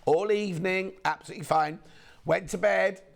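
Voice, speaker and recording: A hoarse man presenting on a shopping channel, chatting in a gossipy, rambling way between sales points. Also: sits high, normal speed. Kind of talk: casual live sales chat.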